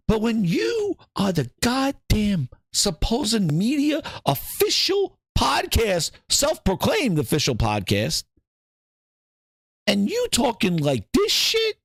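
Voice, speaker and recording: A man hosting a gaming show, ranting hotly and swearing freely. His voice sits high for a man and swings up and down with animated energy. The sound is dry and close, with no room around it. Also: vocal fry, dry recording. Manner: profane, heated ranting. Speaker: gaming channel host. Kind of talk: solo gaming podcast rant.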